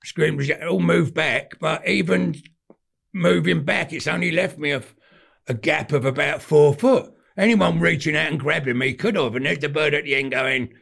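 Older London man, gravelly husky voice, casual storytelling, swears, slangy. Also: fairly high pitch, normal speed. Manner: animated anecdotes, cockney slang, swearing. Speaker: podcast guest, former gangster.

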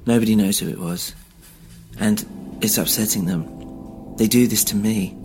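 A man voicing a frightened, injured middle-aged man with a German accent, speaking in halting, desperate bursts in a spoken-word story. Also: on the low side, a little mellow, a little hiss or hum, natural voice. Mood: pleading.

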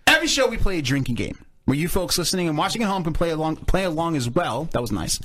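High, animated joking male host. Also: fast talker. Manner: loud, joking, swearing. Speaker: podcast host. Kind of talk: crude casual chat show. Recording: noisy podcast audio.

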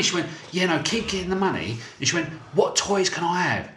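A man, co-hosting a podcast and telling stories with lots of swearing and quick restarts. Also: sits high, lively intonation, pushed and bright. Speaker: podcast co-host. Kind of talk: casual banter. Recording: echoey room, faint noise.

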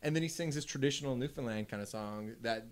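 A man's voice: medium pitch, fast. A man co-hosting a podcast, telling an anecdote in an enthusiastic, loose, casual way. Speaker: podcast co-host. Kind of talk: casual storytelling chat.

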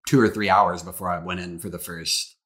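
Low-voiced man telling an earnest story. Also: steady tone, a little fast, a bit bright. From American South. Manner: earnest, reminiscing, chatty. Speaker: podcast guest, former child actor. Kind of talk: casual storytelling.

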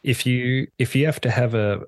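A man's voice: medium pitch, steady tone, moderate pace, no echo. A man from the UK co-hosting a podcast, thinking aloud in a hesitant way with trailing questions. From United Kingdom. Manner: hesitant and musing, many fillers and trailing questions. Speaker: podcast co-host. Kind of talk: casual chat.

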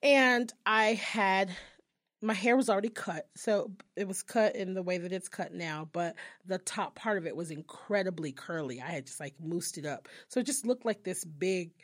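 A woman's voice: fairly low pitch, normal speed. A young adult woman co-hosting a casual chat, telling a story with a lot of profanity and acting out the people she quotes. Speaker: podcast co-host.

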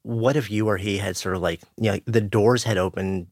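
A man hosting a casual interview, asking quick, reflective follow-up questions. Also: fairly low pitch, steady tone, no room sound, studio quality.

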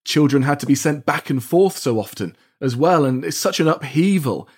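A man hosting a history podcast, thanking his guest and reading show notices, with some halting restarts. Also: a little high, expressive, husky. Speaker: podcast host. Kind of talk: podcast interview and outro.

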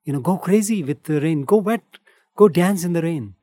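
Gentle, husky Indian man. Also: fairly high pitch, normal speed, no echo, clean studio sound. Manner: gentle, short calm phrases. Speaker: breathwork and meditation teacher. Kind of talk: calm interview answers.

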